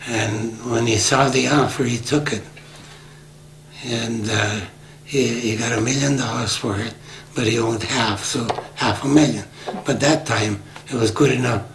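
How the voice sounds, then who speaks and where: A man's voice: medium pitch, steady tone, unhurried, gravelly, fairly bright tone, a little hiss or hum. A man in his seventies from northern Greece, candidly telling family stories in an oral history interview, with a wry tone. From Aegean Macedonia, northern Greece. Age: 70s. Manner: candid and wry, acting out old dialogues. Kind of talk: unhurried storytelling in conversation.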